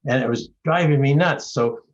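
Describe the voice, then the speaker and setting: A man's voice: mid-range voice, moderate pace, muffled recording. A man in his seventies from Maine, telling stories and leading a discussion over a video call, with frequent restarts. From Maine, USA. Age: 70s. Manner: rambling, storytelling, frequent restarts. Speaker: award recipient leading a session. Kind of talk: reflective talk and discussion.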